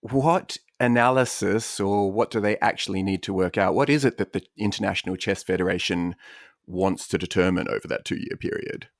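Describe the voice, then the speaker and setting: A man's voice: low voice, normal speed, creaky, dry recording, studio quality. A man standing in as host of a news podcast, reading a scripted intro and then chatting casually with guests in an upbeat way. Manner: lively, upbeat delivery.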